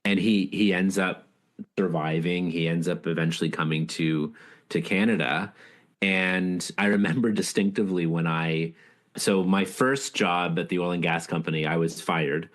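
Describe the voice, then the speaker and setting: Male author guest, very low voice, earnest, reflective storytelling. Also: steady tone, moderate pace. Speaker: author and leadership speaker, guest. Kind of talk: casual interview storytelling.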